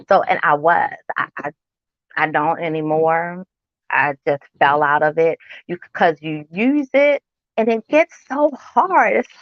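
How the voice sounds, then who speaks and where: A woman in her forties talks to camera in a loose, rambling way, stopping to ask her viewers questions. Her voice sits a little low, and the sound is dull and dry. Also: gravelly, dry recording. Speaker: wellness vlogger. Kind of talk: casual chat to camera.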